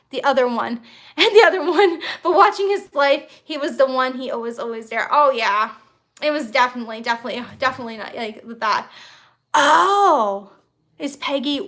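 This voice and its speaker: Streaming live from a tripod-mounted phone, a woman with a sharp, high voice chats and wanders from topic to topic. She reads out viewers' comments as they come in.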